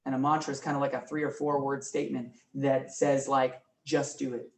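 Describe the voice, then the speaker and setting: A man teaching a real estate class, energetic and often quizzing his students. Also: medium pitch, a little fast. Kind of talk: live classroom training talk. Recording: roomy room, mic from far off, faint noise.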